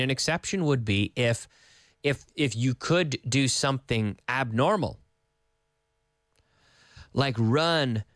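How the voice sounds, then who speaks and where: A middle-aged male English teacher with a lively, sing-song delivery that rises and falls a lot. He tells anecdotes and acts out short exchanges to show pronunciation. His voice sounds dry and close, with no room behind it. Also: mid-range voice, no echo. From English-speaking country, living in Spain. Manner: lively storytelling, acts out dialogue, hums intonation patterns.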